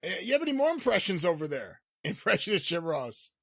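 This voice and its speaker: A man's voice: high voice, very animated, fairly quick, a bit bright. A man hosting a comedy podcast, dry and teasing with his guest. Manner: dry, teasing, often laughing. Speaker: podcast host.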